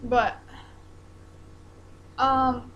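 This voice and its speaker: A young woman, talking haltingly in a personal vlog while close to tears. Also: a little high, level tone, a bit bright, highs cut off, a little hiss or hum. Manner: hesitant, halting, many ums and restarts.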